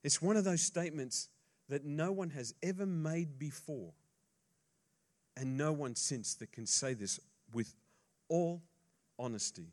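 A male pastor preaching a sermon, swinging between hushed asides and loud emphasis, and joking casually with the congregation. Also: fairly high pitch, unhurried, long pauses.

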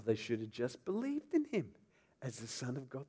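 Delivering a sermon, a man retells scripture with drama, his pitch swooping wildly as he moves from hushed, low stretches to loud bursts. He speaks fairly quickly, with a breathy edge.

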